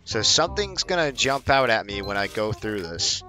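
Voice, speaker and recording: Profane, animated young man gaming. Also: on the low side, moderate pace, soft background music. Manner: profane, animated, reacting aloud. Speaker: gaming streamer. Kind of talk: casual gameplay commentary.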